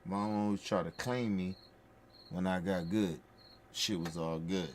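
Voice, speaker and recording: A man with a lowish voice tells stories in a loose podcast chat, hammering each point home through repetition. His delivery is blunt, profane and heartfelt, and a faint hiss sits under the speech. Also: fairly even intonation, unhurried. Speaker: podcast host. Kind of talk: casual storytelling chat.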